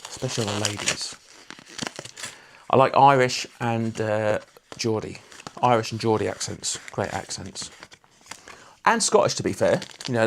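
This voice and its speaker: A man's voice: medium pitch, gravelly, a little hiss or hum. A man hosting a casual livestream, chatting and teasing viewers while he works on a guitar. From Lincolnshire, England. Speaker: livestream host.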